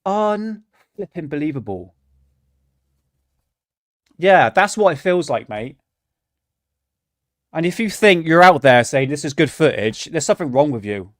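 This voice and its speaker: A man's voice: on the high side, animated, normal speed. A man hosting a livestream, ranting in exasperation, swearing and stammering through restarts. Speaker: livestream host. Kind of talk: reaction livestream rant.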